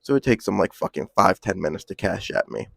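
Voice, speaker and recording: A young man with a low, gravelly voice rambles through a casual storytime, heavy on slang and swearing. The sound is dry and close. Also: expressive, brisk, no room sound.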